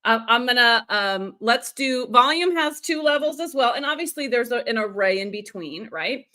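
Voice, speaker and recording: A middle-aged woman runs a live storytelling lesson. Her voice sits a little high and sounds bright. She keeps things animated, demonstrates voices and answers viewer comments as they come in. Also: normal speed. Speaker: storytelling coach. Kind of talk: live-streamed training.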